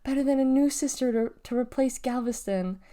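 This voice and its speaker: A woman's voice: high-pitched, brisk, lightly acted. A woman doing a bold bossy little girl. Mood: dreamy. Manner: bright excited exclaiming.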